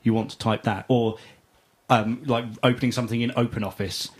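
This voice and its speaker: A man's voice: medium pitch, flat delivery, a little fast, slight background noise. A man hosting a tech podcast, chatty, thanking guests and rambling through explanations. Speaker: podcast host. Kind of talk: casual tech podcast banter.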